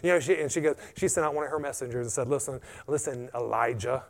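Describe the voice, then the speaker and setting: A man preaching a sermon, animated and punctuated with frequent amens. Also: fairly high pitch, racing. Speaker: pastor.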